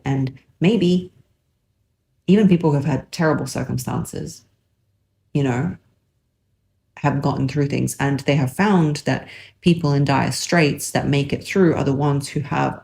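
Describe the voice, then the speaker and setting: A woman's voice: a bass voice, gravelly, warm tone, breathy edge, dry recording. A woman in her thirties with a cold, hosting a podcast from a parked car, talking in a chatty, rambling and self-mocking way. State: has a cold. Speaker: podcast host. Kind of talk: casual monologue to listeners. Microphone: makeshift mic setup.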